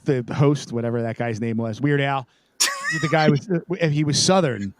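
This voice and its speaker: A man's voice: medium pitch, normal speed, dry recording. A man co-hosting a casual chat, telling stories and planning the next episode's segments. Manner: storytelling, organizes segments. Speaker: podcast co-host.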